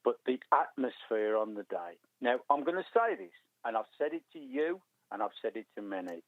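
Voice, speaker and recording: A man's voice: medium pitch, big pitch swings, normal speed, no room sound. Older Black Country man on a tinny phone line. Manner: eager, rambling storytelling. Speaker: guest runner. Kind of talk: phone-in radio chat. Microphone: telephone.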